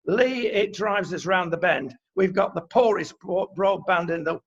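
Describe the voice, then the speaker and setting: A man's voice: high-pitched, moderate pace. A man with a Manchester accent co-hosting an opinion chat, blunt and indignant, with many fillers. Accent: Mancunian. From England. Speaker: co-host. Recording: dull lo-fi sound.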